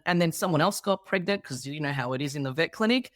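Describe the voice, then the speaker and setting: Lively Australian woman telling stories. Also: sits low, fast talker, no room sound, studio quality. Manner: animated storyteller acting out quoted people. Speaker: guest comedian. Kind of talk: casual interview chat.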